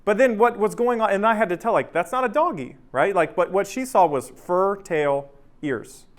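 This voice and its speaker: A man's voice: high voice, moderate pace. A man in his thirties leading a workplace training session in a casual, conversational way, often checking in with "right?". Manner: conversational, keeps asking "right?"; energetic, acts out anecdotes. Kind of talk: casual workshop talk.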